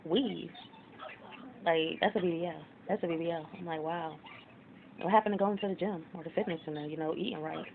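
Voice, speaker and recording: A woman vlogger giving rambling casual commentary, full of fillers. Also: low voice. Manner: rambling, chatty, many fillers. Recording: tinny phone-like audio with faint noise.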